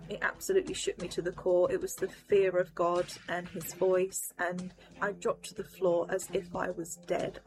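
Solemn woman recounting a vision. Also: medium pitch. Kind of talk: personal testimony.

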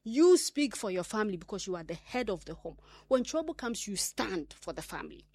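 A woman's voice: mid-range voice, sing-song, brisk, a little mellow, no echo. A woman hosting a radio talk segment, delivering an earnest, emphatic monologue full of fillers and restarts. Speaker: radio host.

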